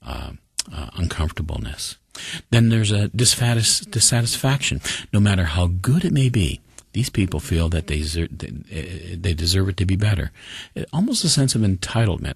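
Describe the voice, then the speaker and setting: A man preaching a sermon, emphatic, with slow deliberate pauses and sudden rises in pitch. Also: sing-song, creaky, husky, no echo, studio quality.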